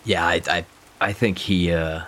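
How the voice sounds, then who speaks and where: Very deep-voiced halting player. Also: male voice, steady tone, fairly bright tone, slight background noise. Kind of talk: tabletop role-play.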